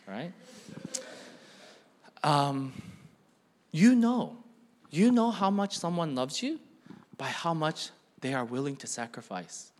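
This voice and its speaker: A middle-aged man delivering a sermon in a notably high voice. He preaches with energy, pushing up on questions and dropping low to drive points home. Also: takes it slowly, pauses often. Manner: animated preaching, rising questions, drops to quiet emphasis. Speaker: pastor.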